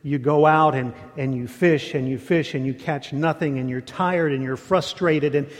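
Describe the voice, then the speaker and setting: A man preaching a sermon, telling stories in an animated way and often repeating words. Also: a little high, normal speed, big-room sound. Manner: animated storytelling with repetitions.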